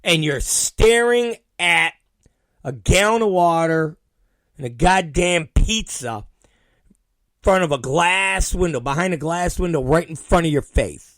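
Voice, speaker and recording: A man hosting his own show, telling a story in an animated, profane way and acting out both sides of the dialogue. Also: fairly high pitch, unhurried, no room sound. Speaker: podcast host. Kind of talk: storytelling monologue.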